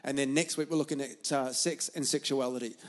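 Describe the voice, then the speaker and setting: A man's voice: mid-range voice, steady tone, brisk. Chatty man hosting church Q&A. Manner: chatty, enthusiastic, laughs often. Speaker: church host. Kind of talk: church panel Q&A.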